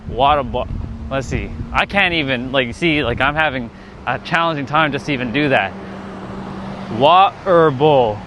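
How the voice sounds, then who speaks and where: A man's voice: mid-range voice, a little fast, noisy background. A man chatting casually on a live stream outdoors, rambling with lots of fillers and laughing at himself. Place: outdoors near a park.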